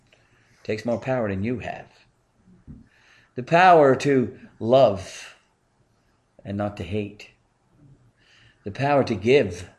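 A male pastor preaching a sermon in an earnest way, swinging from emphatic lines to hushed, slow ones. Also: on the low side.

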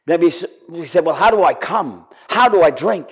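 Impassioned preacher, lo-fi recording. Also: male voice, fairly high pitch, animated, normal speed, husky. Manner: impassioned, drops to soft pleading. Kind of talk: sermon. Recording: dull lo-fi sound.

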